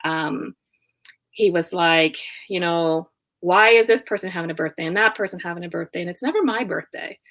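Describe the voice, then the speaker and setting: Animated young woman telling stories. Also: lowish voice, normal speed. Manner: animated, acts out both sides of conversations; laughs often while talking. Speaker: guest, online business owner. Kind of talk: casual interview storytelling.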